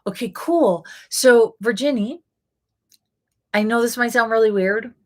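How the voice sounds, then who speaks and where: A woman's voice: a little high, unhurried. Coaxing woman life coach. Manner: coaxing, asks many rhetorical questions; casual, frequent "like" fillers. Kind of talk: live coaching session answering viewer questions.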